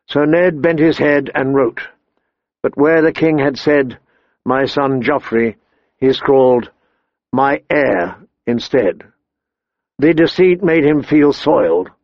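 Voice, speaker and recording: A man reading a fantasy audiobook in slow, measured, somber narration, in a dull lo-fi dry recording. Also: medium pitch, no room sound. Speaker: audiobook reader.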